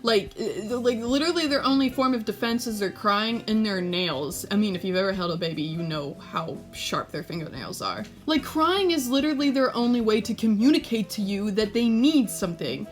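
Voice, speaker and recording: A young woman ranting casually to camera in a rambling, chatty way, full of fillers, now and then jumping into high playful voices. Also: normal speed, hardly any pauses, soft background music. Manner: animated, jumps into high playful voices when quoting. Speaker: vlogger and daycare worker.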